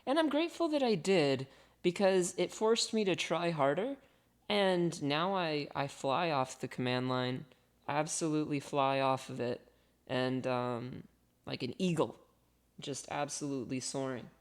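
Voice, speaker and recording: A woman with a notably low voice teaches on a live stream, chatty and playful. She switches easily between jokes and step-by-step technical explanation. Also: measured pace. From part Colombian, part Italian heritage. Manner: chatty, playful, reads chat aloud. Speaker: instructor. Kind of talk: live-streamed hacking walkthrough.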